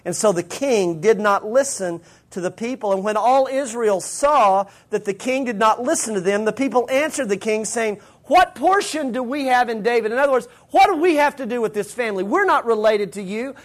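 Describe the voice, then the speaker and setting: A man's voice: high-pitched, lively intonation, moderate pace, hardly any pauses. A man preaching a sermon, retelling scripture in casual everyday slang. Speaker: pastor.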